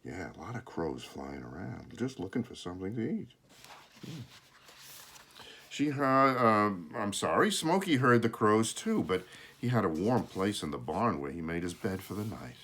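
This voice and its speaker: Reading a children's storybook aloud, a man swoops his voice high and low in an animated telling, at a moderate pace with a breathy edge. Now and then he pauses for casual asides to show the pictures, fixing small slips along the way.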